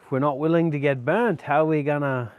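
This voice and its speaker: A man's voice: a little high, fairly even intonation, brisk, clear, resonant tone, no room sound, muffled recording. Swearing man in a mock Aussie accent. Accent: mock Australian. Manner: crude, swearing, ironic bravado. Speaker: vlogger. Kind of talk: comedic travel vlog monologue.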